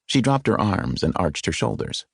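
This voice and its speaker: Male audiobook narrator, expressive and wry, low gravelly voice with lively intonation; close dry studio sound. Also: normal speed, dry recording. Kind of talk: scripted narration. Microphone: close studio mic.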